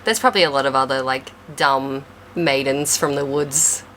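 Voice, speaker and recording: Low-voiced woman trading dry quips. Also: a bit bright, a little hiss or hum. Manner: laughs often, quick dry quips. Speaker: guest co-host. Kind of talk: casual podcast chat.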